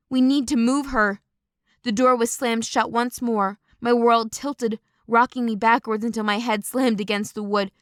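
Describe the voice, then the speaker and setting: Woman audiobook narrator, fairly high, dry close sound, measured first-person read. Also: clear, resonant tone, no echo.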